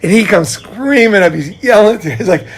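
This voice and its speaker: Middle-aged male host, fairly high voice, lively storyteller who laughs mid-sentence and swears casually. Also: moderate pace. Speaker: podcast host.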